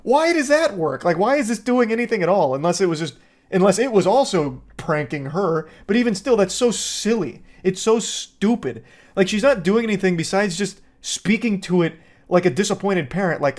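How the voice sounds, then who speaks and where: A man's voice: high voice, lively intonation, moderate pace. Exasperated sarcastic man ranting. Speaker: online movie reviewer. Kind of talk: casual ranting commentary.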